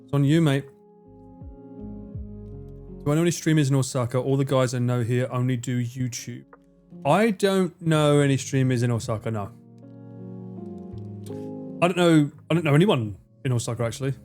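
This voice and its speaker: A man's voice: mid-range voice, moderate pace, long pauses, darkish tone, soft background music. A man from the UK, chatting casually on a gaming livestream, joking, swearing freely and laughing a lot. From United Kingdom.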